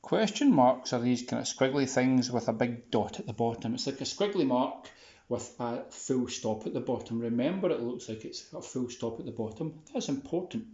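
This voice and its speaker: A man's voice: mid-range voice, animated, moderate pace, dark tone. A man teaching a punctuation lesson in a chatty, upbeat way with playful asides. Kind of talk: casual classroom video lesson. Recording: roomy, slightly dull sound.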